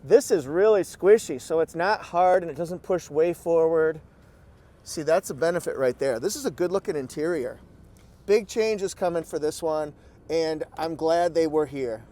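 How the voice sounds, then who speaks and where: Man, high-ish voice, playful and excitable car reviewer talking from inside a truck cab. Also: moderate pace. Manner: excitable, playful, exclaims and repeats phrases. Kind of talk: casual product walkaround. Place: inside a pickup truck cabin.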